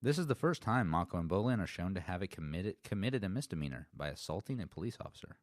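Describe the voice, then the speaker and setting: A man with a low voice co-hosts a casual podcast chat about a cartoon series. He reads trivia in a lively, wry way, and the sound is dry and close. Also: fast talker, no room sound. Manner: wry, trivia-reading, joking. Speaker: podcast co-host.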